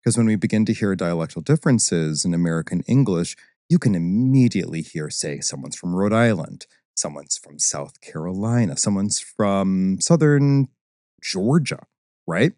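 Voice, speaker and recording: A man, a baritone singer and voice instructor, explaining ideas in an articulate, teacherly way as a podcast guest. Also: lively intonation, normal speed, dark tone, no room sound, clean studio sound. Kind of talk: podcast interview.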